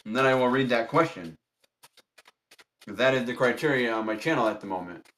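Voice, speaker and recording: A man's voice: medium pitch, brisk, a bit bright. A man hosting a tarot livestream, chatting casually with viewers and repeating firm, polite instructions to his chat. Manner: polite but strict.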